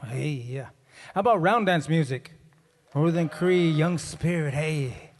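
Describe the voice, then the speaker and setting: A man's voice: fairly high pitch, measured pace, a little hiss or hum. A man telling a comic story on stage and hyping up the crowd with call-and-response. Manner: laid-back, joking, audience call-and-response. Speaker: stage performer. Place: large conference hall. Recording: reverberant conference hall.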